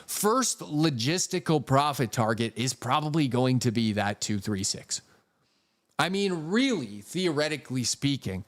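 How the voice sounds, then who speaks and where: On a relaxed trading livestream, a male host goes through charts, reads super chats aloud and thanks the viewers who sent them. He curses freely and cracks jokes along the way, speaking at a typical male pitch.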